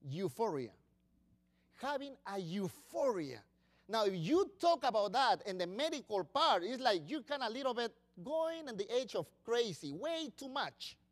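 A male preacher delivers a lively sermon. His pitch rises and falls widely, moving between loud, emphatic bursts and quiet, confiding asides. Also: moderate pace. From Latin America.

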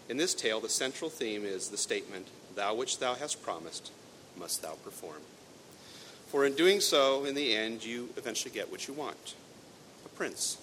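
A male pastor preaching a sermon, reading a fairy tale aloud with expressive narration. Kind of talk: sermon with storytelling. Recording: echoey hall, faint rumble.

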